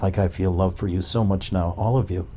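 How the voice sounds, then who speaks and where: Deep mellow guy teaching spiritual stuff to a group, keeps firing questions at them. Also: steady tone, fairly quick, a little hiss or hum. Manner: probing, asks rhetorical questions. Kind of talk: spiritual talk to a gathering.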